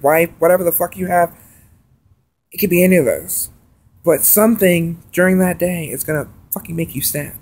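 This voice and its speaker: Gravelly man ranting late at night. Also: fairly high pitch, slight background noise. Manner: profane, agitated ranting with loud and quiet swings. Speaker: vlogger. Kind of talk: late-night rant vlog.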